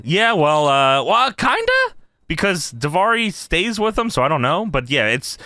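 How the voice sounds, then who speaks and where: Lively, bright-voiced male podcast host. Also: a little high, normal speed, no room sound, clean studio sound. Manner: animated, laughing, swearing, acts out wrestler quotes. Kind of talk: casual chat.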